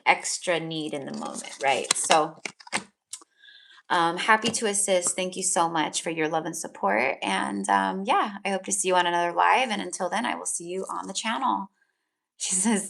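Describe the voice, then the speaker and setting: A woman's voice: on the low side, moderate pace, creaky, fairly bright tone. A woman giving live psychic tarot readings, talking in a soothing, affectionate way with lots of fillers. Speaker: tarot reader.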